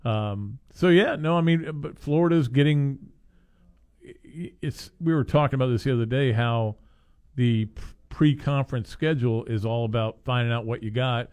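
A man hosting casual sports talk, rambling with many restarts and growing excitable as he recounts a game. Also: mid-range voice, moderate pace, smooth. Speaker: sports radio host.

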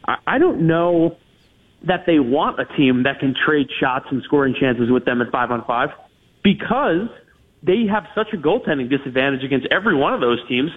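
A man calls in to break down hockey trades and matchups. His voice sits a little high and sounds husky. It comes through a thin, tinny phone line, and he talks in long, hedged runs with plenty of restarts. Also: very animated, moderate pace. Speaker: hockey analyst guest. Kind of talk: radio interview analysis.

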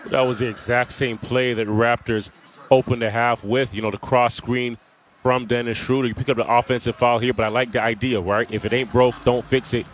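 A man's voice: medium pitch, level tone, fairly quick. A man giving casual color commentary on a basketball game, peppered with asides. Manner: conversational analysis with filler asides.

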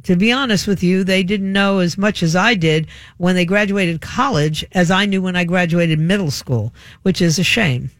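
A woman's voice: fairly low pitch, normal speed, few pauses, no room sound. An older woman hosts a radio talk show in a loose, rambling, chatty style, drifting through memories as she talks. Her voice is close and dry on a studio microphone.

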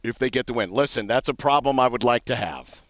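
A man's voice: mid-range voice, a little fast, dry recording, highs cut off. A man co-hosting a casual sports radio show, often stumbling and repeating his words as he starts a sentence.

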